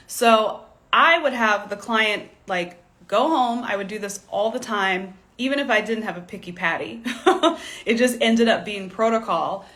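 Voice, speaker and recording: Bright, chatty woman stylist. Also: mid-range voice, measured pace. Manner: chatty and candid, with frequent laughs and "like" fillers. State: fighting a tickle in the throat, coughing. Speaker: fashion stylist and coach. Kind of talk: casual livestream teaching.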